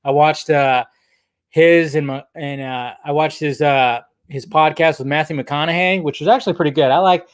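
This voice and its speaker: A man's voice: fairly high pitch, steady tone, moderate pace, clean tone, no room sound. A man hosting a casual film chat, rambling with many fillers, restarts and swearing. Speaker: film commentary host.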